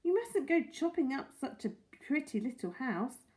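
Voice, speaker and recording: Lady doing a gentle old neighbor guy, soft and reassuring, a bit high. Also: big pitch swings, normal speed. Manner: mild, polite and reassuring.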